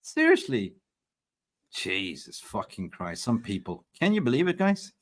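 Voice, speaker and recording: A man chatting as host of a fan live stream, talking casually into a streaming mic. He is excitable, laughs often and swears freely, and his pitch jumps around a lot. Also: a little slow.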